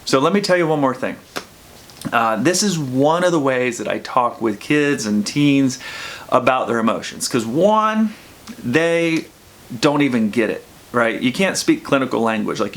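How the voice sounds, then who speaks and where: A man's voice: medium pitch, expressive, unhurried, fairly bright tone. Earnest man giving counseling advice. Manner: earnest, repeats phrases, restarts often. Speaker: addiction counselor. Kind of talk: earnest advice talk to camera.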